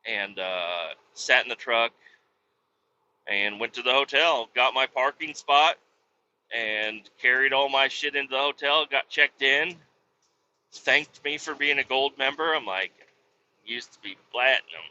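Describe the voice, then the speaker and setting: Profane, rambling Midwestern man with a bright voice. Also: mid-range voice, measured pace, dull audio, slight background noise. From Kansas City, USA. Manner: profane, rambling, self-mocking. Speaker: truck driver vlogger. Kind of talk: casual storytelling monologue while driving. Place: in a truck cab while driving.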